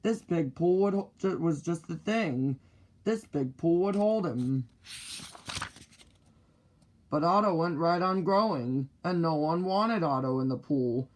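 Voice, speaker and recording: A man reading a children's picture book aloud in the first person, slow and deliberate. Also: on the high side, lively intonation. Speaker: storybook reader.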